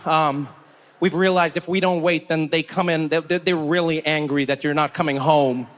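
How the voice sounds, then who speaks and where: A man's voice: on the high side, steady tone, normal speed, fairly bright tone, pitched below the performer's own voice, close to an everyday voice. A comedian playing a nervous young male staffer who stammers and hesitates, filling gaps with ums. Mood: hesitant.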